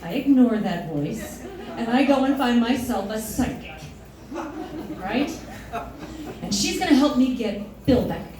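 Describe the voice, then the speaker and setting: A woman telling a personal story live on stage in an animated, self-mocking way, often laughing through her lines. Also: on the high side, measured pace, pauses often, crowd noise. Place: stage in a hall before an audience. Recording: echoey hall, distant mic, audience.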